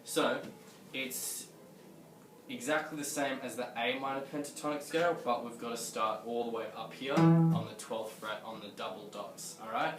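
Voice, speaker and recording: A man gives a patient guitar lesson, explaining scales and counting in each tempo. He sounds set back from the mic in an echoey room. A guitar rings out clearly around his voice. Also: mid-range voice, moderate pace. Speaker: guitar teacher. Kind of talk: video music lesson. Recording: roomy echo, distant mic, guitar.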